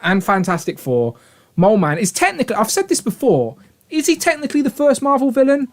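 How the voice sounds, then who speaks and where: A man's voice: very high voice, huge pitch swings, a little fast. A man hosting a toy review livestream in casual, jokey chat, laughing often.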